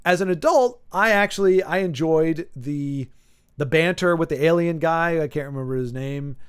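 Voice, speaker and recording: A man in his forties talks casually on a stream. He rambles, restarts his sentences and jumps animatedly between thoughts. His voice sits a little higher than most men's. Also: moderate pace, clean tone. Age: 40s.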